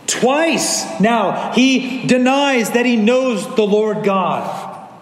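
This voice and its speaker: A man with a very high, animated voice speaks very slowly as a pastor preaching a sermon. He's earnest and sometimes acts out the lines of people in the story, recorded in an echoey hall with faint ambience.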